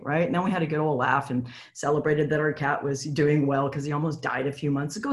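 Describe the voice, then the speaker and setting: A woman's voice: low-pitched, a little fast, hardly any pauses. Chatty woman coaching a live online group. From Canada. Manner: warm, chatty, encouraging, reads out chat replies. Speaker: relationship coach running a live online session. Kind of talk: live webinar teaching.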